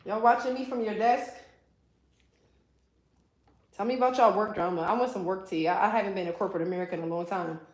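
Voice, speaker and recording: A woman's voice: mid-range voice, fairly even intonation, fast, long pauses. Playful, teasing woman in a roomy salon. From East Coast of the US. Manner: playful teasing, joking with the chat, swears freely. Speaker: hairstylist livestreaming a color removal. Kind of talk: casual livestream chat. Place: salon suite.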